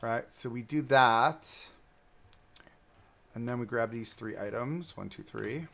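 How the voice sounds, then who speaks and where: Man, gravelly voice, mid pitch, rambling livestream game commentary, faint music underneath. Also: slow pace, a bit bright. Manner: rambling, talks to himself and objects in the game. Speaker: livestream host building a theme park. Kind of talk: casual gameplay commentary.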